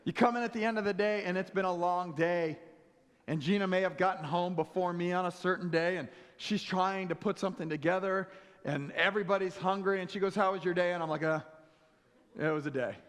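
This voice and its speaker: Male pastor, high voice, humorous storytelling sermon, big reverberant church. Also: steady tone, fairly quick, clean tone. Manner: humorous storytelling, acts out dialogue. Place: church sanctuary. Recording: long church hall reverb.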